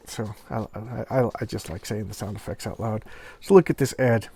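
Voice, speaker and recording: A man's voice: on the low side, steady tone, moderate pace, mellow, slightly rough, no room sound. A middle-aged man reviewing comic books in a casual, rambling way, with frequent fillers and restarts. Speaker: comic book collector and reviewer. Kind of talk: casual commentary vlog.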